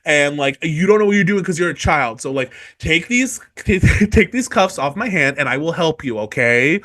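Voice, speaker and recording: A man's voice: fairly high pitch, lively intonation, moderate pace, fairly bright tone. A man putting on a mouthy scornful captive woman. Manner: scornful, mocking.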